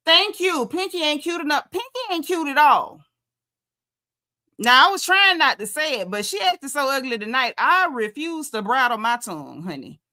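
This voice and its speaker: Sassy, bright-voiced woman recapping reality TV. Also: on the high side. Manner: sassy, animated, acts out quotes. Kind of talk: casual recap commentary.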